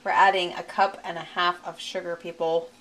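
In her kitchen, a woman hosts a home cooking demo, chatting, giggling, and poking fun at herself as she goes. Her voice is lowish and fairly bright, with a flat delivery at a moderate pace.

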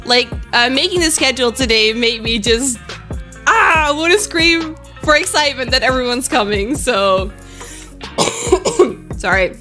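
Bubbly young woman streamer, bright and high, giggly live chat, faint music behind. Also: lively intonation, measured pace, pauses often. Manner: bubbly, giggly, chats with viewers.

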